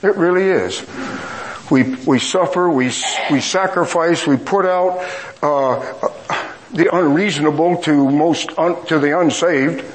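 A man's voice: on the high side, slow, a little hiss or hum, low-quality recording. A middle-aged man preaching a storytelling sermon, with folksy, self-mocking humor.

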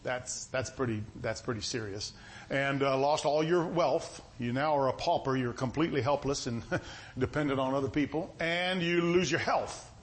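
A middle-aged male preacher with a notably high voice, talking through a sermon in a folksy, conversational style. His tone comes across as stern even when he means nothing by it, and he often circles back and repeats himself. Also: normal speed, a little hiss or hum. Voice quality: sounds stern even when not angry.

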